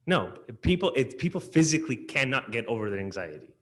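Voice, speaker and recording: A man in the audience sharing a rambling comment, heavy on fillers, getting animated at times. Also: mid-range voice, fairly quick. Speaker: audience member.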